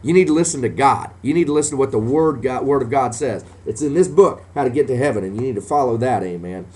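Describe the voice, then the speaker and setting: Talking fast in a medium-pitched, darkish voice, this preacher delivers a sermon where almost every phrase ends with "amen." He swells into fervent emphasis while addressing both Christians and sinners.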